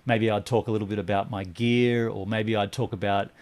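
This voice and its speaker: A man's voice: fairly low pitch, little pitch movement, brisk, darkish tone. A man in his forties chats casually on a live stream. He reads viewers' comments aloud and wanders between topics, his speech full of little fillers and restarts. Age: 40s. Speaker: podcast co-host.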